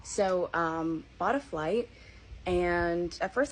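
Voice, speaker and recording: A young woman with a low, deep-set voice takes it slowly while telling a personal story in a casual vlog. She's animated and slips into the voices of people she quotes, with steady background noise beneath her.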